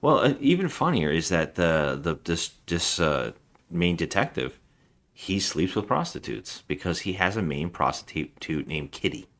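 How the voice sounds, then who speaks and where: A man's voice: deep voice, big pitch swings, measured pace, a bit bright. A man hosting a casual movie podcast, rambling through plot recaps and quoting the characters. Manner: rambling recaps with quoted voices. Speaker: podcast host.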